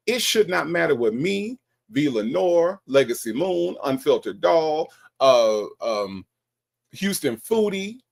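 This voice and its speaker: A man's voice: a little high, gravelly. A man giving blunt, scolding commentary in a casual, mocking way. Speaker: commentator reacting to a call recording.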